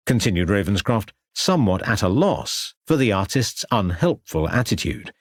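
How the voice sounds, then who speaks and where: Husky-voiced male audiobook narrator. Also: on the low side, very animated, dry recording, studio quality. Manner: measured, descriptive storytelling. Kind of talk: scripted narration.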